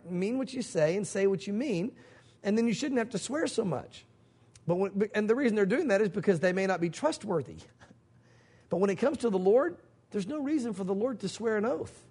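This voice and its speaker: A man's voice: high-pitched, a little mellow, husky. A middle-aged male pastor preaching an evening sermon, emphatic and conversational, acting out quoted speech. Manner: emphatic, acts out God's voice in quotes.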